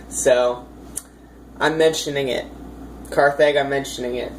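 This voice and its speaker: A woman's voice: rumbling low, moderate pace, darkish tone, a little hiss or hum, low-quality recording. A woman dungeon master casually recounting her tabletop campaign in a chatty, rambling way with lots of fillers.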